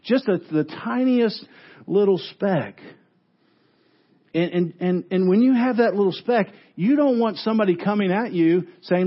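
A man preaching a sermon as pastor, telling stories with animated delivery and frequent restarts. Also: high-pitched, unhurried, lo-fi sound. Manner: animated storytelling with repeated restarts.

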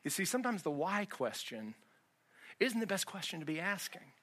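A man preaches a sermon in a church, talking to the congregation in a loose, conversational way and leaning on rhetorical questions. His voice sits somewhat high for a man. It is bright and forceful in tone. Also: very animated, moderate pace. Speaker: pastor.

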